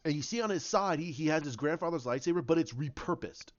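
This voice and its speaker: Guy rambling thru a story pitch, keeps restarting, kinda muffled lo-fi audio. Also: lively intonation, quick pace. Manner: rambling, with many restarts and acted-out quotes. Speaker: fan commentator. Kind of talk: casual storytelling monologue.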